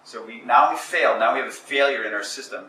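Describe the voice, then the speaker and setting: A man giving a live motivational talk to an audience, emphatic and repetitive, building to forceful exhortation. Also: mid-range voice, fast talker. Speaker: motivational speaker. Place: indoor conference or seminar room. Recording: echoey room, voice picked up from a distance with faint noise.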